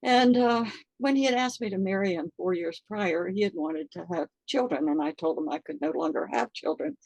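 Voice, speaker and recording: An older woman telling a personal story in an interview, halting and earnest, with many fillers, close to tears. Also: mid-range voice, animated, vocal fry, a little mellow, rough recording. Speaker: interview guest.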